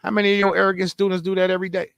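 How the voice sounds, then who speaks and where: A young man co-hosting a podcast, talking in a casual, profane way and swinging between loud bursts and low mutters. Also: flat delivery, very fast, vocal fry, clean tone, no room sound. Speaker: podcast co-host.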